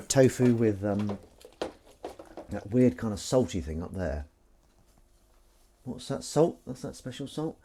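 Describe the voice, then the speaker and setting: Chatty man, lively pitch. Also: takes it slowly, pauses often, husky. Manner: chatty, self-mocking, reads chat aloud. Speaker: livestream host. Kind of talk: casual chat while washing up.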